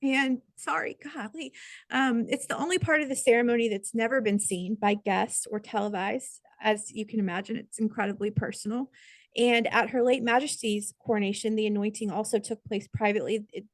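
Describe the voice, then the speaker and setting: Woman podcast host, mid-pitched, chatty and sincere, dry studio sound. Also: a little fast, dry recording. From United States. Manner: chatty, many "like" fillers, earnest. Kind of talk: casual podcast chat.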